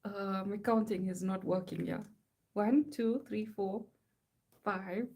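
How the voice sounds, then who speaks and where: An artist live-streaming chats casually as she works on her art, reading silly slogans aloud in a playful, mock-serious chant. Her mid-range voice is steady and darkish, and she takes things slowly.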